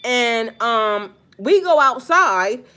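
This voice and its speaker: Bright-voiced woman ranting on a live stream. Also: on the high side, extremely slow. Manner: animated, profane, slangy, talks straight to viewers. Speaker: spiritual vlogger live-streaming. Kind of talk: casual live-stream chat.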